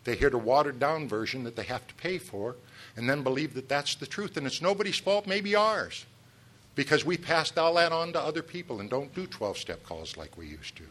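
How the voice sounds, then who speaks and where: A middle-aged man speaking at a recovery meeting. He tells his own story in a plain, mid-pitched voice, talking straight to the room, with rhetorical questions and quick asides. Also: expressive, fairly bright tone. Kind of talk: personal testimony talk.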